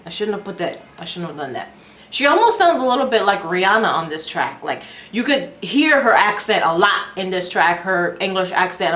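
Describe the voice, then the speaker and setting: A woman giving a casual reaction review of an album, candid and chatty, thinking out loud as she goes. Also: lowish voice, a little hiss or hum. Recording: echoey room with music playing.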